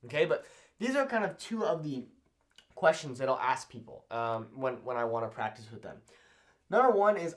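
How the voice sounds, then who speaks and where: A man's voice: mid-range voice, animated, fairly quick. A young man from Southern California teaching to camera in a casual, upbeat way, often checking in with "okay?". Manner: upbeat, ends points with "okay?". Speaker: language learning YouTuber.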